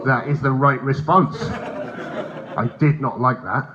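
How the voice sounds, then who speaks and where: A man's voice: mid-range voice, moderate pace, faint music behind. A male stand-up comedian telling profane stories live on a hotel stage, acting out characters, recorded through a handheld mic in a dull live recording with faint room ambience. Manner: animated, profane, acts out characters.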